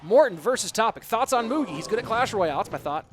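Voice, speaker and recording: A man doing live play-by-play esports commentary, quick and chatty, joking with his viewers between plays. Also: high voice, lively intonation, some chatter behind, a little hiss or hum. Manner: quick, chatty, jokes with the audience. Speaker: esports caster. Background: music.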